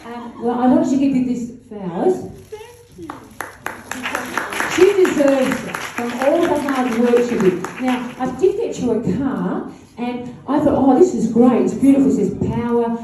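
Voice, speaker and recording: A woman's voice: high voice, dark tone. An older woman giving a rambling, chatty speech to an audience at a launch event, laughing between asides. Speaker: guest speaker at a launch event. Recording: echoey room from far off.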